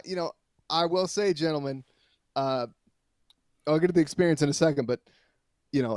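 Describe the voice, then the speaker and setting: A man reporting as a guest on a sports talk show, telling a long story in a rambling, animated way with many restarts. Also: on the high side, no room sound, studio quality.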